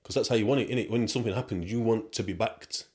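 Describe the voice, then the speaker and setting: A man's voice: fairly low pitch, fast, a little mellow. A young man from the UK, telling a rambling story in street slang on his podcast. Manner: chatty and rambling, street slang, asides to listeners. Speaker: podcast host. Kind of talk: casual storytelling monologue.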